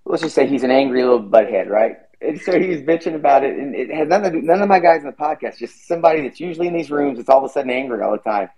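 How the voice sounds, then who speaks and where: A man's voice: mid-range voice, animated, very fast, hardly any pauses, crowd noise, poor audio. A man hosting a podcast, chatting casually and rambling, swearing freely. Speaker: podcast host. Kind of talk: casual chat.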